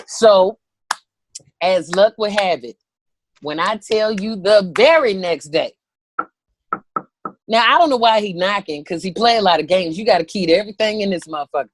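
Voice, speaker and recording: A woman in her thirties, a comedian telling a story, animated and profane, acting out the voices of people in it. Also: mid-range voice, normal speed, pauses often, slight background noise. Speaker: comedian guest. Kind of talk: comic storytelling.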